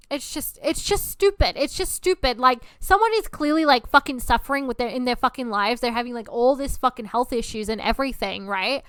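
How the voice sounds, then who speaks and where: A woman hosting a podcast, ranting in a heated, foul-mouthed, emphatic way. Her voice sits high and sounds bright and sharp, recorded dry with no room sound. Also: dry recording. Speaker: podcast host. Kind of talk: ranting monologue.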